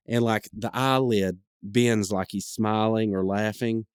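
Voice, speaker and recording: A man's voice: on the low side, fairly even intonation, moderate pace, clear, resonant tone, no room sound, studio quality. A man hosting a podcast, casually recapping a cartoon episode in a rambling way, full of fillers and brief quoted lines. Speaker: podcast host.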